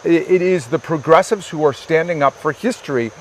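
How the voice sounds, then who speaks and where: A man's voice: fairly high pitch, a little fast. A man with a slightly raised voice delivers a political speech in a played clip. He drives home his points with insistent repetition. A faint noise hums under the recording.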